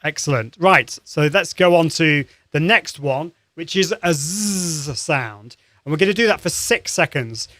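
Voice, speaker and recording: Upbeat man coaching voice warm-ups. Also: a little high, expressive, measured pace, no echo, clean studio sound. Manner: upbeat and encouraging, demonstrates sounds; conversational with frequent restarts. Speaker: live-stream show host, voice coach. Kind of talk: live-streamed voice warm-up lesson.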